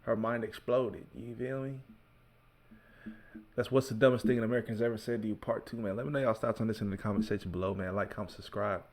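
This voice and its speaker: A man's voice: on the low side, fairly even intonation, fast, a little mellow. A man from the United States hosting a reaction video, talking casually in a laid-back way with slang. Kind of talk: casual commentary.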